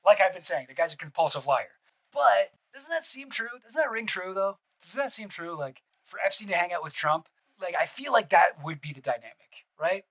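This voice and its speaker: A man's voice: sits high, big pitch swings, moderate pace, fairly bright tone, low-quality recording. A man streaming casual reaction commentary, rambling with restarts and asides and swearing bluntly.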